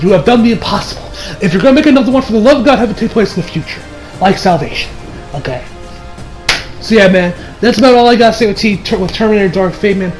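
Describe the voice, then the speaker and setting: A man casually reviewing a film on his channel, excitable and rambling, swearing freely and laughing often. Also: high voice, rough recording. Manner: rambling with many restarts and fillers. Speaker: movie reviewer.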